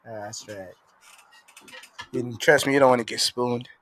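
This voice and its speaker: A man's voice: mid-range voice, fairly even intonation, a little slow, fairly bright tone. A young man co-hosting a podcast, laid-back and laughing often at his own crude jokes. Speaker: podcast co-host. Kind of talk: casual chat.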